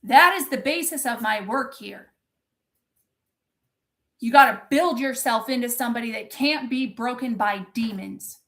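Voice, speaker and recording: High-voiced woman ranting on a livestream, swearing a lot, pumped up, talking back to chat. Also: unhurried, fairly bright tone. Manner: intense, profane, impassioned; reads and answers chat. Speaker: motivational coach. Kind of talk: live-streamed pep talk.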